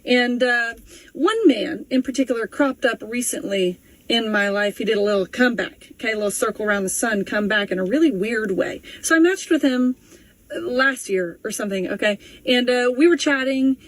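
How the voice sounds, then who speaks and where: Woman, higher voice, sassy casual storyteller who keeps checking in with the listener. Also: normal speed, low-quality recording. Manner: sassy, punctuates with "okay?".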